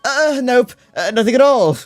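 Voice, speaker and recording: A man reading the lines of an eager, cheerful young male sidekick in a mystery game, excitable and enthusiastic. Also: very high voice, moderate pace, dry recording, faint music behind, voice pushed up. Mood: flustered.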